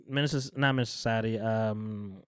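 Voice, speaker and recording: A male podcast host animatedly retells a TV episode in casual chat, swearing freely and laughing often. His voice is fairly low, clear and resonant, with a steady tone and moderate pace. The recording is dry, with clean studio sound.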